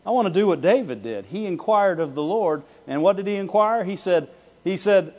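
A male preacher giving an animated sermon, swinging between loud declarations and hushed asides, often laughing and calling for the congregation's response. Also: high voice, moderate pace. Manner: laughs often, calls for "Amen" and "Right". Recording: dull lo-fi sound with long hall reverb.

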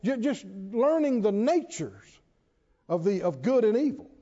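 A high-pitched, animated male preacher gives a sermon in an echoing hall. He is emphatic, drawing out stresses slowly and chuckling, and the sound is dull with long hall reverb.

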